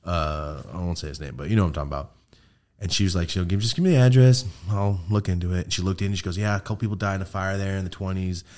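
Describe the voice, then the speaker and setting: A man hosting a podcast, telling ghost stories in casual chat, with heavy swearing and animated delivery. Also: low-pitched, racing. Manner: profane, animated storytelling. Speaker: podcast host.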